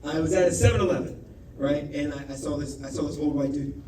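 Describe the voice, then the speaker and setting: A man's voice: a little high, fast talker, a little mellow, slight background noise. A man doing stand-up, telling a loose, profane story with lots of asides to a laughing club audience. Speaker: stand-up comedian. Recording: echoey club recording from a distance, crowd laughter.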